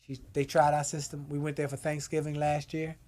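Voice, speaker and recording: A middle-aged man telling a marriage story in a loud, playful way, laughing often. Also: fairly high pitch, monotone, fairly quick. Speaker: guest author and speaker. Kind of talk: animated storytelling.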